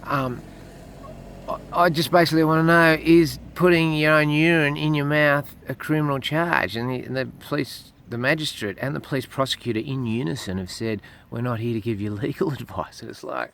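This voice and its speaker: A man's voice: on the high side, normal speed, a bit bright. An Australian man ranting profanely and indignantly to camera as a vlogger. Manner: indignant, swears heavily.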